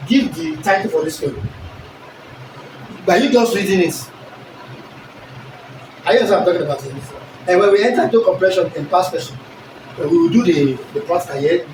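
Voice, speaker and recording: A male teacher, giving an animated lesson and constantly checking that the class understands. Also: high voice, a little hiss or hum. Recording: echoey room recorded from a distance.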